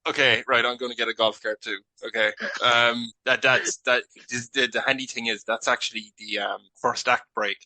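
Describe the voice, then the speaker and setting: A man's voice: medium pitch, flat delivery, moderate pace, hardly any pauses, sharp tone, no room sound, rough recording. A man hosting a podcast, rambling and playful as he improvises comedy scenes with his guest. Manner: rambling, playful, puts on characters. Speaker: podcast host.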